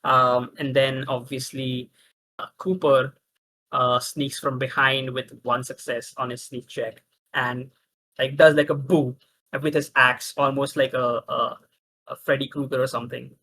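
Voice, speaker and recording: A man narrating as game master of a tabletop role-playing game, talking in halting bursts with many restarts. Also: medium pitch, level tone, bright, forceful tone, a little hiss or hum, low-quality recording.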